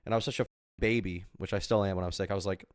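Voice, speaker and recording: A young man streaming from home talks to his chat in a loose, rambling, crude way, with plenty of jokes. His voice is on the low side and sounds dry and close to the mic. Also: steady tone, rapid-fire, no echo. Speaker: live streamer. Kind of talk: casual livestream chat.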